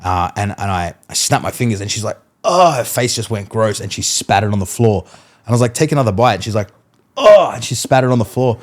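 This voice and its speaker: Low-voiced, fast-talking storytelling man. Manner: animated storyteller, acts out quotes, laughs mid-story. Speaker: mentalist guest. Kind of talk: casual storytelling chat.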